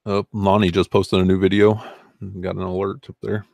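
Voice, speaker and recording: Low flat-voiced southern man chatting. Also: moderate pace, creaky, dry recording. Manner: relaxed, rambling, answers chat comments. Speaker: eBay reseller hosting a livestream. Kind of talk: casual livestream chat.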